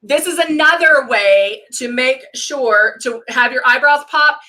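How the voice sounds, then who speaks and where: Bright-voiced woman rambling through a makeup demo, calling out viewers' names. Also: high voice, a little slow, slight background noise. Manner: chatty, greets viewers by name mid-sentence. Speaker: makeup live stream host. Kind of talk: casual demo chat.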